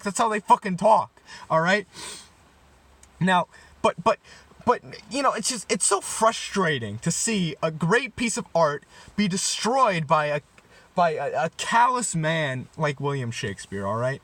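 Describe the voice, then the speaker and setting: A man's voice: on the high side, big pitch swings, a little slow, fairly bright tone, no room sound. A young man giving a mock-serious comedy rant, rambling and stumbling over his words with sudden sarcastic outbursts. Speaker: comedy vlogger.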